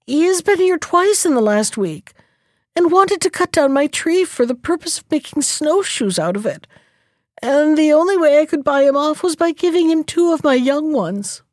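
A woman's voice: high voice, big pitch swings, moderate pace, dry recording, clean studio sound, pitched above the performer's own voice. Woman doing a trembling, pleading magpie. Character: anxious, grieving male magpie parent.

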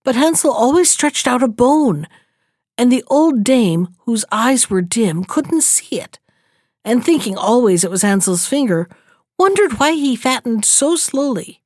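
A woman reading a fairy tale aloud in a measured, expressive storytelling manner. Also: a little high, dry recording, clean studio sound.

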